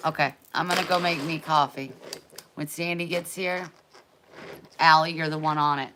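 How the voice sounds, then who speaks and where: A woman hosting a casual live stream, chatty and playful, easily excited. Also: deep voice, fast talker, a little hiss or hum.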